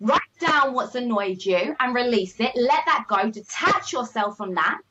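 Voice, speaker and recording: A business coach, a woman with a slightly high voice, speaks at a moderate pace in an animated, emphatic motivational conversation, repeatedly asking "all right?" and "okay?". The lo-fi audio is slightly muffled, with a noisy background.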